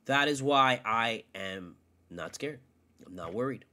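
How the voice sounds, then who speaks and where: A man hosting his own sports podcast alone, ranting with constant swearing, jumping from loud outbursts to low mutters. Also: expressive, a little slow. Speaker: podcast host. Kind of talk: solo sports rant.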